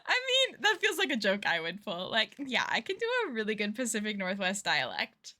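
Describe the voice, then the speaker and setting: A woman's voice: mid-range voice, big pitch swings, normal speed, pushed and bright. Giggly, chatty woman streamer. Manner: chatty, giggly, self-deprecating. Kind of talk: casual livestream chat while gaming.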